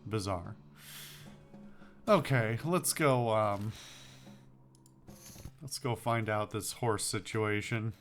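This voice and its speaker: A man's voice: on the low side, takes it slowly, pauses often, a bit bright, faint music behind. A man playing a comedy western game, reading its text aloud with wry, offhand asides. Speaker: let's play gamer. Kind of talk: casual let's play commentary, reading game text aloud.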